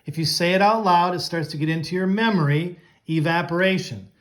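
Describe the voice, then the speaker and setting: A man teaching an online class, coaching students and drawing out each vocabulary word slowly and clearly. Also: high-pitched.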